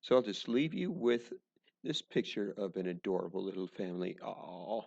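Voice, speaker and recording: Man, teacher, recorded lesson, very gravelly fry, dull lo-fi sound, dry joking asides. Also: fairly low pitch, expressive, a little fast, darkish tone.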